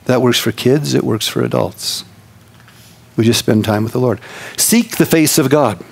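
A man preaching a sermon as pastor, folksy and animated, swinging from quick loud bursts to slow quiet emphasis. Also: mid-range voice, creaky, husky.

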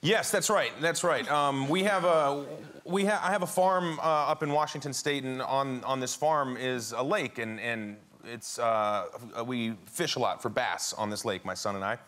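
A man's voice: mid-range voice, normal speed, hardly any pauses. A man guesting on a chat show, telling a family anecdote and laughing often. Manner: animated storyteller, laughing often. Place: TV studio with audience.

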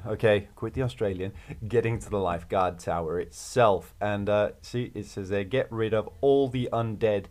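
Chatty, lower-voiced man narrating gameplay. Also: moderate pace, darkish tone. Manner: upbeat, chatty and jokey, with playful rhymes and laughs. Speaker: video game walkthrough host. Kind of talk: casual gameplay commentary.

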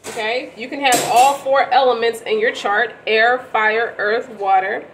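A woman's voice: fairly high pitch, steady tone, a little slow, background noise. A woman giving a casual tarot reading to camera, rambling and slangy, often stopping to correct herself. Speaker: tarot reader.

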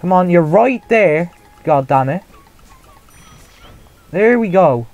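A young man chatting casually while streaming a game, mocking his own play, reacting out loud and laughing often. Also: high-pitched, lively intonation, slow, faint music behind, poor audio. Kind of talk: casual live gameplay commentary.

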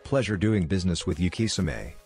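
A man's voice: low-pitched, expressive, a little fast, darkish tone, soft background music. A man voicing a brash, cocky teenage boy ninja in a read-aloud fan story, with a teasing manner.

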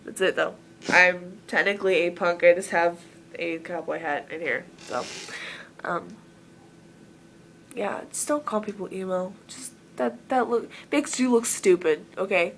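A woman's voice: lowish voice, unhurried, fairly bright tone, a little hiss or hum. A woman from Southern Oregon talking casually to camera in an earnest, rambling way, full of filler words. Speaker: vlogger.

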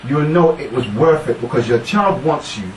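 Emphatic male speaker, higher-pitched, room echo, some faint hiss. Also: lively intonation, fairly quick. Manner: emphatic, repeats "yeah?" to the listener. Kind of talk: casual discussion. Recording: roomy, distant mic, faint noise.

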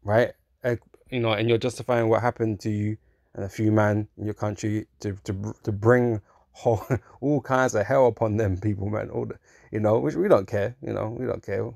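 A man's voice: fairly low pitch, fairly even intonation, moderate pace, creaky, a little mellow, no room sound, clean studio sound. A man giving an informal preaching monologue, talking conversationally, often asking "right?", chuckling and mocking in put-on voices. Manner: chuckles through his points, mocks in put-on voices. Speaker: religious commentator.

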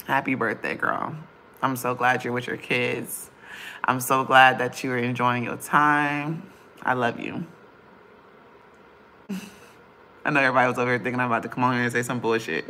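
A woman chatting casually on a livestream with her viewers, impatient and bantering with loud bursts. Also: very deep voice, fairly even intonation, normal speed, long pauses, a little hiss or hum. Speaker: vlogger on a livestream.

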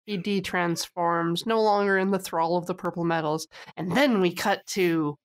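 A woman with a slightly low voice walks through an episode's plot in detail. She keeps her recap steady and sprinkles in dry, wry asides. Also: normal speed. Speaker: podcast co-host recapping episodes. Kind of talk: casual chat.

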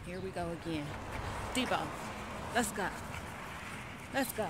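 Slow-talking woman with a drawl. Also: mid-range voice, lively intonation, heavy background noise. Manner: coos baby talk at her dog, then chats to viewers. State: sweaty, a bit out of breath. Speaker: vlogger walking her dog. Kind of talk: casual vlog chatter. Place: outdoors on a neighborhood walk.

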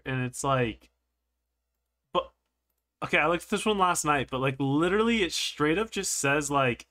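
A young man hosting a joking comedic commentary video, playful and jokey, often jumping into high squealing exclamations. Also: a bit bright. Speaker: streamer and video host.

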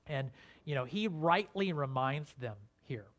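A man's voice: a little high, a little slow, a bit bright. A man, a pastor, preaching a conversational sermon, asking his listeners rhetorical questions and restarting his phrases.

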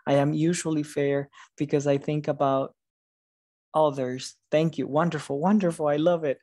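A man's voice: a little high, flat delivery, normal speed, mellow, dry recording, clean studio sound. A man presenting at a conference over a video call late at night. He sounds tired, encourages the audience, and stumbles and restarts words now and then. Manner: encouraging, reads out audience answers with praise. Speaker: conference presenter, teacher educator.

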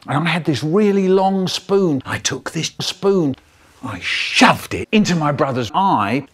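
Older guy spinning a silly story, slow, voice leaping all over the place. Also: husky. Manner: animated, theatrical storytelling, voices jump high for quoted shouts. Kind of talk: storytelling monologue, spliced parody edit.

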